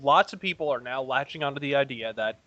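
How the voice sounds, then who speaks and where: A man's voice: medium pitch, fast talker, pushed and bright, muffled recording, a little hiss or hum. A man co-hosting a gaming podcast, ranting with foul-mouthed insults. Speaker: podcast co-host. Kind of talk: casual chat.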